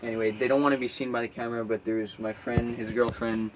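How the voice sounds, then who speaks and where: Outdoors at night, a young Québécois man vlogs from a camper, talking fast in a flat, mid-range voice. He tells his story nervously, full of fillers and restarts, against a noisy background.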